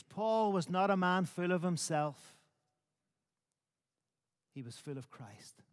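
A man preaching a sermon in measured, emphatic phrases built on repetition. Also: high voice, in a large hall. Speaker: pastor.

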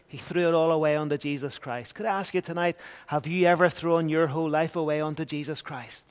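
A man's voice: fairly high pitch, brisk, smooth. A man preaching a sermon in a church, earnest, with emphatic swells. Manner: earnest, rising to emphatic bursts. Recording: long church hall reverb.

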